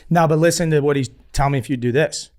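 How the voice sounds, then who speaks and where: A fast-talking man whose voice sits on the high side co-hosts a podcast. Chatting casually, he tells animated stories and acts out the people he quotes.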